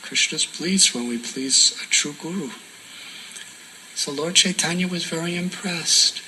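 A man giving a sermon as a devotional story, soft-spoken and often dropping to a near whisper for emphasis. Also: on the high side, unhurried, slight background noise, poor audio. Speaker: spiritual teacher.

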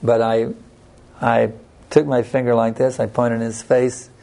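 Male religious teacher, gravelly mid-range voice, unhurried plain-spoken delivery with anecdotes. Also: medium pitch, little pitch movement, warm tone. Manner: unhurried, plain-spoken, tells personal stories. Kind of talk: devotional scripture class talk.

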